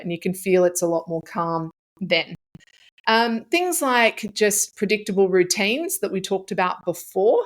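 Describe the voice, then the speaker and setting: A woman's voice: medium pitch, measured pace. A middle-aged woman, hosting a solo podcast in a conversational way, often acting out short example phrases. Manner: conversational, with frequent fillers and acted-out example phrases. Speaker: podcast host and author.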